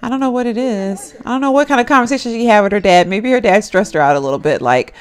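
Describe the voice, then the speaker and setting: A woman's voice: medium pitch, lively intonation, fast, hardly any pauses. A young woman gives casual, chatty commentary as she plays a life-simulation game. She laughs often and talks straight to her viewers. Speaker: gameplay commentator. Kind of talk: casual let's-play commentary.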